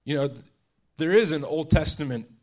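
Man preaching a dramatic story. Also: fairly high pitch. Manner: storytelling, dramatizing a scene with voiced quotes; pauses and restarts, shifts between hushed and emphatic. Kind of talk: sermon.

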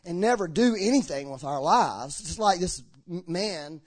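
A man delivering a lively sermon. His voice sits high and swings widely as he acts out quoted lines. His words run together in a slurred drawl. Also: moderate pace, breathy edge. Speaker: preacher. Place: church.

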